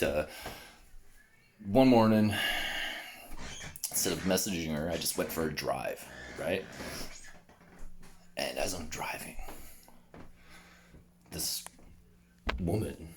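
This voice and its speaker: A man's voice: rumbling low, slow pace, long pauses, noisy background. A man vlogging in a casual, rambling monologue who laughs often between phrases, swears freely and keeps trailing off and starting over. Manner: trails off and restarts a lot.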